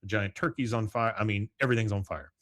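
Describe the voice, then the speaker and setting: A man's voice: on the low side, fast talker, fairly bright tone, dry recording. A man hosting a podcast solo, recapping a cartoon episode in a rambling, casual way, full of fillers. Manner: rambling, with frequent fillers and chuckles. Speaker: podcast host.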